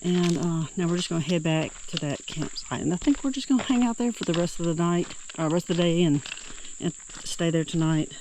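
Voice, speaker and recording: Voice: mid-range voice, lively intonation, brisk, noisy background. Rambling hiker vlogging in the woods. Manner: rambling, chatty, thinking aloud. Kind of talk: casual trail vlog narration. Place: outdoors in the woods by a creek.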